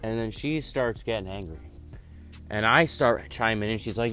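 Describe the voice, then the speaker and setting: A man's voice: fairly low pitch, normal speed, a bit bright, faint music behind. A teenage guy telling a school story casually, rambling with lots of fillers. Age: teens. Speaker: vlogger. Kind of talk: storytime vlog.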